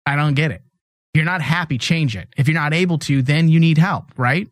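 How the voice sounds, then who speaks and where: A man with a slightly high voice hosts a casual podcast, blunt and mocking. The sound is dry and close, with no room around it. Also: fairly quick, dry recording. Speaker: podcast host. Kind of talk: casual comedy chat.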